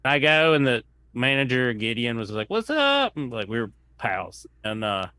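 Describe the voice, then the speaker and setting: Guy comedian spinning a rambly story on a podcast, mid-pitch voice, dry close mic. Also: steady tone, moderate pace, bright, forceful tone, smooth, dry recording. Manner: rambling anecdotes, acting out quoted lines. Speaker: comedian guest. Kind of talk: casual storytelling chat.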